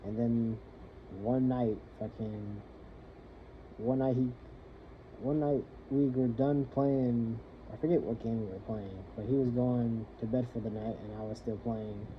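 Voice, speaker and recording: A young man in the military venting about his partner and family in a rambling, halting monologue, swearing freely. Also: medium pitch, steady tone. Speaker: soldier venting. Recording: muffled lo-fi with faint hiss.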